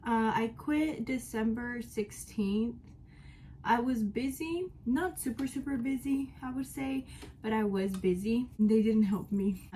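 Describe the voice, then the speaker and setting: A woman's voice: a little high, unhurried, mellow, slight background noise, poor audio. A woman in her twenties chatting frankly to camera as she gets ready, telling her story with emphatic, casual talk. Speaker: vlogger. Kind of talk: candid life-update storytelling. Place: at home while getting ready.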